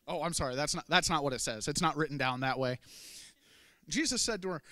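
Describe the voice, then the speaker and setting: A man's voice: a little high, fast talker, pushed and bright, no room sound. A man preaching a sermon, telling a Bible story in a folksy way with humorous asides. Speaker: pastor.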